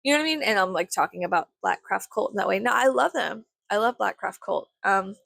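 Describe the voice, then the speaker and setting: A woman's voice: medium pitch, animated, fairly quick, gravelly, a bit bright, no room sound, studio quality. Chatty, foul-mouthed woman vlogger. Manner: chatty, profane, self-mocking, acts out her own thoughts. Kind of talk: casual rambling monologue.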